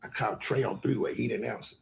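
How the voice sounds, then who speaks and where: A man telling stories in a loud, excitable podcast chat, acting out other people's lines. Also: mid-range voice, fast, vocal fry, a little hiss or hum. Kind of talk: animated storytelling chat.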